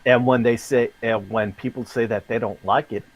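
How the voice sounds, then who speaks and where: A man in casual voice chat on a live stream, talking haltingly and restarting his sentences often. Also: medium pitch, fairly even intonation, dull audio.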